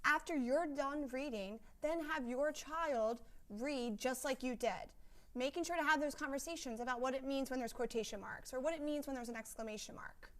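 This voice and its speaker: A woman's voice: high voice, normal speed, a bit bright. A woman presenter explaining reading tips to parents in a friendly way, checking in with her listeners.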